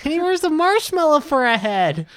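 Man playing a squeaky, gushing airhead fan, much higher than his own voice, bubbly and naive. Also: very animated, normal speed, fairly bright tone, dry recording, heavily acted. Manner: gushing, high squeaky put-on voice. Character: giddy airheaded young male pop fan.

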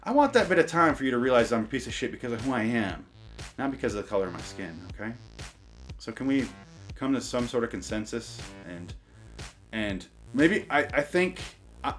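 With faint music playing behind him, a male comedy podcaster speaks fairly quickly in a very animated, medium-pitched voice. After reading a sarcastic rant, he drifts off-script, cursing and making fun of himself amid plenty of stumbles and restarts.

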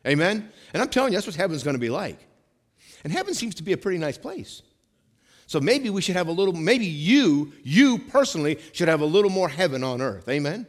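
A man's voice: on the high side, brisk. Preaching man in a reverberant hall. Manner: animated preaching, swings between loud emphasis and hushed asides, repeats lines. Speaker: pastor. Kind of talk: sermon.

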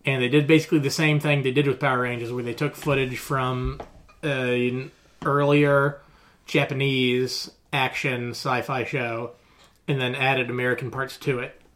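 Guy cohosting a podcast, mid-pitched, chatty, laughs a lot while explaining stuff. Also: level tone, normal speed, fairly bright tone. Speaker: podcast co-host. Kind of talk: casual chat.

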